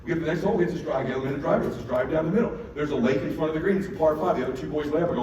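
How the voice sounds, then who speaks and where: A man giving a motivational keynote, telling a story in an animated way, acting out quotes and bursting into shouts. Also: on the high side, very fast, hardly any pauses, highs cut off. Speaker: keynote speaker. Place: large event hall. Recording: echoey hall, mic from far off, noisy.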